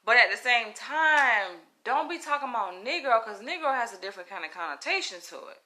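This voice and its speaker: Woman, Southern US accent, bright, chatty, emphatic, casual storytelling. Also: fairly high pitch, animated, brisk. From Southern United States. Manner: chatty, emphatic, often adds "right?" and "you know?".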